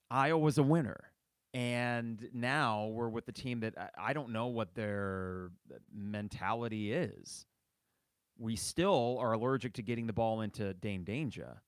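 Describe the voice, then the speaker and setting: A man's voice: on the low side, no echo. A man in his thirties hosting a sports fan podcast, commenting in an impassioned, exasperated rant. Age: 30s. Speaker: podcast host.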